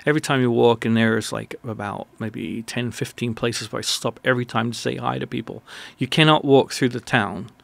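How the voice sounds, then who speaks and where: A man who is a guest on a radio interview, telling a personal story in an animated, rambling way with many restarts. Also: medium pitch, moderate pace, vocal fry, hardly any pauses, no echo.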